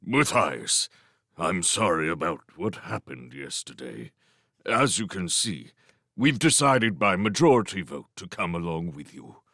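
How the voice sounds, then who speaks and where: A man doing a gruff older shrew leader. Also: sits low, sing-song, unhurried, sharp tone, no echo, clean studio sound, exaggerated voice. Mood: apologetic. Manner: gruff, scolding.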